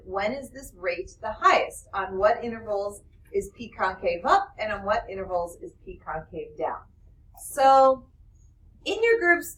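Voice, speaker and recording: A woman teaching math in a classroom, explaining with quick questions to her students. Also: a little high, fairly bright tone, low-quality recording. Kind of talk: classroom lecture.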